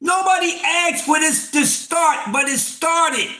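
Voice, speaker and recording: Loud, high-voiced man ranting on a stream. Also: slow. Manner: loud, preachy, swings between shouting and mock-laughing. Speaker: livestream host. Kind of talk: animated livestream rant. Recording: echoey room.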